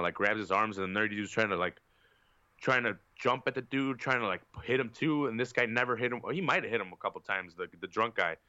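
A man's voice: medium pitch, sharp tone, no room sound, dull audio. A man on a podcast telling a long, profane, rambling story in casual chat, with lots of fillers. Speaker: podcast co-host.

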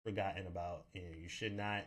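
A man's voice: low-pitched, fairly even intonation, quick pace, over a noisy crowd. A man co-hosting a casual podcast, speaking in an emphatic, conversational way. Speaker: co-host.

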